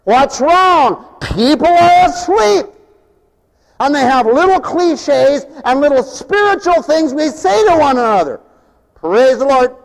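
A man preaching a sermon in an animated way, swinging from loud bursts to low mumbles. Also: slow, vocal fry, long reverb tail.

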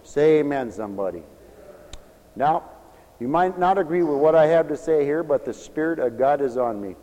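Fiery high-voiced preacher in a reverberant hall. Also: male voice, expressive, normal speed. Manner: fervent, swings from shouting to low confiding tones. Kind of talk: fiery sermon. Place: church hall, also broadcast on radio.

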